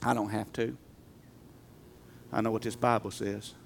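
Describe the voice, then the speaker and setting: A male pastor preaching a sermon, emphatic, swinging from loud bursts to quiet talk. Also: fairly low pitch, level tone, unhurried, vocal fry, a little hiss or hum.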